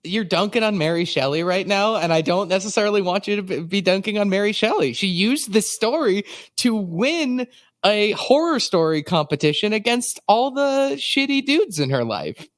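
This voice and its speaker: A man's voice: sits high, expressive, moderate pace, no room sound, clean studio sound. A man co-hosting a podcast in casual comedic chat, playful and goofy, playing along with bits. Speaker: podcast co-host.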